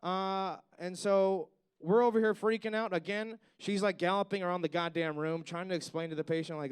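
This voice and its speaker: A man's voice: sits high, steady tone, normal speed, few pauses, clean tone. A man doing a stand-up comedy set on stage, rambling and swearing, with lots of "like" and "you know.".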